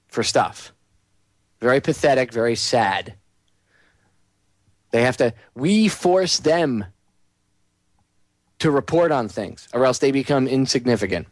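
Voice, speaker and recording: A man's voice: mid-range voice, no echo. A man hosting a talk radio show, delivering a heated, sarcastic monologue.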